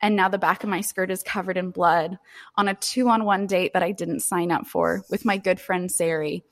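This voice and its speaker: A woman's voice: lowish voice, normal speed. Laughing, chatty young woman telling a story. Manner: animated, laughing often, swears freely. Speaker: podcast co-host. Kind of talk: casual storytelling chat.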